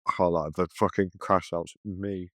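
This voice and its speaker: A man's voice: deep voice, level tone, moderate pace, a bit bright, dry recording. A young man co-hosting a podcast, telling stories in casual chat, swearing a lot and acting out what people said. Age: young adult. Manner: swears a lot, acts out quotes. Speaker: podcast co-host.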